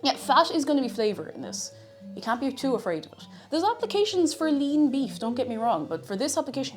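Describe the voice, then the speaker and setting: A woman's voice: high-pitched, very animated, a little fast, loud music behind the voice. A woman streaming herself cooking at home, chatting playfully and rambling while she reads out chat messages.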